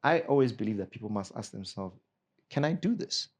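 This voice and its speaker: A man from Zimbabwe, an actor, telling stories from his career in a casual interview, lively and often laughing. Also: lowish voice, fairly quick. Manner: animated, bursts into a put-on Nigerian accent and laughter. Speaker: actor guest.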